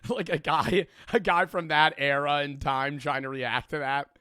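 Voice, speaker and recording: A man streaming casual reaction chat, excitable and swearing often. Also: a little high, moderate pace, clean tone, no echo, clean studio sound.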